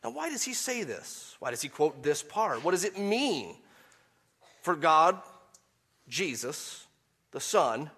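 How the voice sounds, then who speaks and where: A man delivers a sermon in a fairly high voice. He moves between calm teaching and loud, impassioned bursts, nearly shouting when he quotes scripture. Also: slow pace, long pauses, slightly rough. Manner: impassioned preaching, rising to near shouts on quotes. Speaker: pastor.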